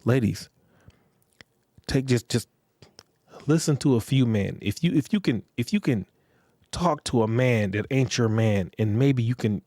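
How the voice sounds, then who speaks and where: A man's voice: mid-range voice, unhurried, long pauses, mellow, dry recording, studio quality. A man hosting a podcast, giving relationship advice in a blunt, profane, lecturing monologue and repeating phrases for emphasis. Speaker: podcast host.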